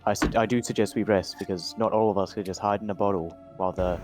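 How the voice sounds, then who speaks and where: A man's voice: lowish voice, fairly even intonation, fast, music in the background. A man from Australia playing a tabletop game, speaking hesitantly and asking questions. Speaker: player. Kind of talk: casual tabletop play.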